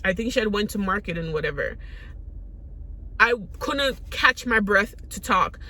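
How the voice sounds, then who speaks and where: A woman's voice: medium pitch, expressive, unhurried, bright, forceful tone, slight background noise. A woman raised in the Caribbean, telling personal stories to her vlog audience in a candid, rambling way with many restarts. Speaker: vlogger. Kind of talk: personal storytelling to camera.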